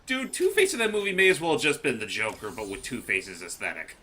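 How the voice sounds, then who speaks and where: A man's voice: medium pitch, very animated, fast talker, pushed and bright. A man co-commentating a video game with sarcastic wisecracks. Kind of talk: casual gaming commentary.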